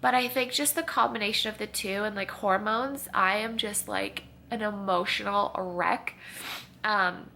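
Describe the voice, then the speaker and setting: A woman's voice: medium pitch, fairly even intonation, measured pace, vocal fry, bright, forceful tone, a little hiss or hum. A young woman chatting to her camera at home, rambling and confessional, tired and tearful with sniffles. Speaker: vlogger. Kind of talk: casual chat. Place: at home in a kitchen.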